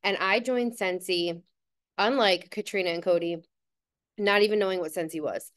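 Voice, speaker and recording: Smooth-voiced woman in her thirties, chatty. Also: medium pitch, moderate pace. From New Jersey, USA. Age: 30s. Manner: chatty, affectionate, rambling asides. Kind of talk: casual personal introduction. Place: home.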